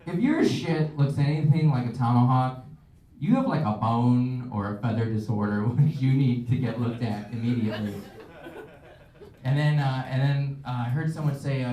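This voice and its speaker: A man doing a stand-up set in a halting, rambling way, with many fillers. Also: medium pitch, animated, dark tone. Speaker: stand-up comedian. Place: small comedy club. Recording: echoey club audio from a distant mic.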